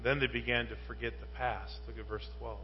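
A male pastor preaching a sermon, moving from quiet Bible reading to loud, rising rhetorical questions. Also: mid-range voice, little pitch movement, fairly quick. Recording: muffled, with long reverb and mains hum.

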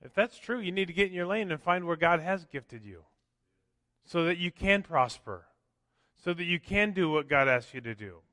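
A man's voice: high-pitched, lively intonation, moderate pace, bright, forceful tone, no room sound, clean studio sound, big-room sound. A man preaching a sermon as pastor, conversational, often tossing in "right?" and acting out quotes. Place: church sanctuary.

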